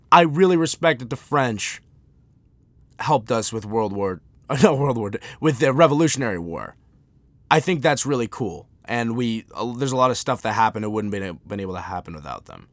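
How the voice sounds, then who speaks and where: An American man hosting a podcast, ranting off the cuff in an animated, sarcastic way, full of restarts. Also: mid-range voice, no echo. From United States. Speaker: podcast host. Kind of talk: unscripted comedic rant.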